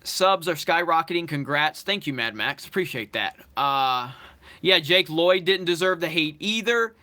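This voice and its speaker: A man's voice: on the high side, expressive, normal speed, sharp tone. A man hosting a live stream, reading out viewer comments one by one and answering them in a casual, talkative way. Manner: thanks viewers and reads their comments aloud.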